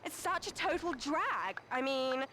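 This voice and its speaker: An actress playing a spoiled, snobbish young British celebrity, with an English accent and a drawling, entitled way of talking full of fillers. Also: female voice, high voice, lively intonation, measured pace, a crowd in the background. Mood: whiny.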